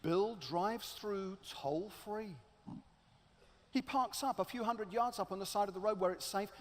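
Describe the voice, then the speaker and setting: A preacher tells a story from the pulpit, his pitch swinging widely as he dramatizes every turn. His voice rings through a large hall with a long, echoing tail behind each phrase. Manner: dramatic, animated storyteller acting out characters. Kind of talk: storytelling sermon.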